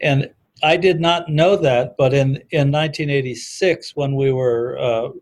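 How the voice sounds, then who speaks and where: A man's voice: medium pitch, steady tone, unhurried. A man in a casual conversation, thoughtfully quoting literature from memory with frequent restarts. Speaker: discussion guest on recovery history.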